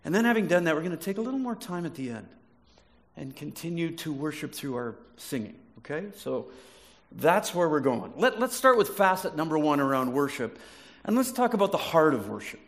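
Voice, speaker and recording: A man's voice: fairly high pitch, sing-song, fairly quick. A man preaching a sermon as a pastor, telling stories, often restarting words and asking the congregation questions. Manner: storytelling, restarts words, asks the audience questions.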